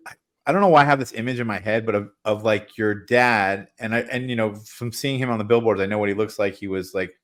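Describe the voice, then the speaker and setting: A man co-hosting a casual interview, talking haltingly with restarts. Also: fairly low pitch, a bit bright. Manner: halting, many restarts, backchannels. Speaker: podcast co-host. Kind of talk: casual chat.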